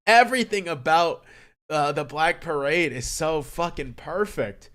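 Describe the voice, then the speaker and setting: A man streaming live, talking casually about an album he loves, excitable and swearing often, swinging between hushed and loud. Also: on the high side, measured pace. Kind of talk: casual livestream music commentary.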